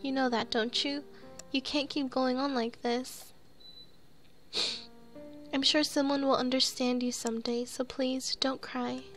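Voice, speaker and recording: A woman's voice: sits high, flat delivery, a little slow, long pauses, fairly bright tone, soft background music. A woman voicing a protective young man in a horror game, reading his firm, reassuring lines in her own voice. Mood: consoling. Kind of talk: reading game dialogue aloud.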